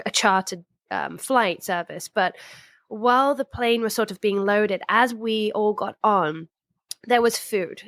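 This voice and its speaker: A woman telling stories in a chatty, animated way as a podcast guest. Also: mid-range voice, no echo. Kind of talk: casual chat.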